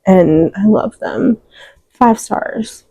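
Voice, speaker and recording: A woman's voice: medium pitch, very slow, mellow, slightly rough, low-quality recording. A young woman chatting about books she read, emotional and rambling, full of fillers, close to tears. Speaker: book reviewer. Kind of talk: casual book wrap-up chat.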